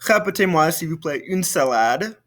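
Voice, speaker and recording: A man's voice: on the high side, animated, normal speed, fairly bright tone. A man teaching a recorded French lesson, patiently saying vocabulary for students to repeat.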